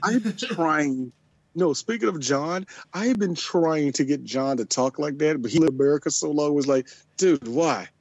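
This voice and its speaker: A man's voice: a little high, normal speed. A man co-hosting a casual movie chat, joking and teasing his friends. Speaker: podcast co-host.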